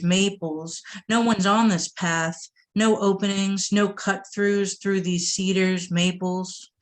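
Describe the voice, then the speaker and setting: A woman from the Boston area reading her poems aloud at a poetry event, with a measured delivery and short asides to the audience. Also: medium pitch. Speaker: poet reading her work.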